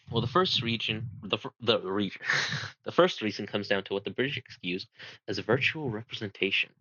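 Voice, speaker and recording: A man's voice: lowish voice, a bit bright, dry recording, dull audio. Man giving a rambling history talk. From United States. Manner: rambling, self-deprecating, many fillers. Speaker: amateur presenter. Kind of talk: casual history presentation.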